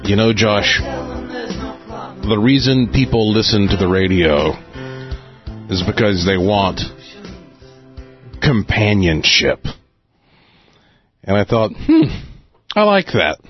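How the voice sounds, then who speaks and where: A man hosting a late-night radio talk show in a chatty, relaxed way, laughing often, talking into a studio microphone. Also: lowish voice, dull audio.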